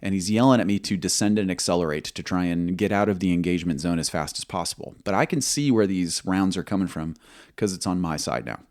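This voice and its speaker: A man who served as a military pilot, telling a combat story in an interview, measured and halting, acting out quoted dialogue. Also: deep voice, darkish tone, no room sound, studio quality.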